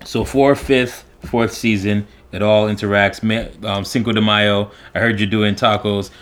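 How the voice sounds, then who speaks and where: A young man with a fairly low voice co-hosts a livestream podcast. He greets viewers by name and promotes upcoming episodes with upbeat energy. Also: steady tone, a little slow, a bit bright. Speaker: podcast co-host. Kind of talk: casual livestream chat.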